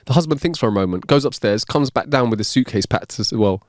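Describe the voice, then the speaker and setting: A man's voice: lowish voice, animated, a little fast, few pauses, no echo, clean studio sound. A man co-hosting a comedy podcast who tells jokes as stories and laughs at his own punchlines. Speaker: podcast co-host. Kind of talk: joke telling.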